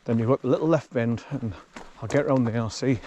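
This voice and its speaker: A man rambles cheerfully as he walks a forest track, chuckling to himself between remarks. He speaks at a middling pitch into a camera he carries. A faint wash of outdoor noise sits behind him. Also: quick pace, mellow, muffled recording. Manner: rambling, chatty, chuckles often. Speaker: vlogger walking his dog. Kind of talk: casual walking vlog commentary.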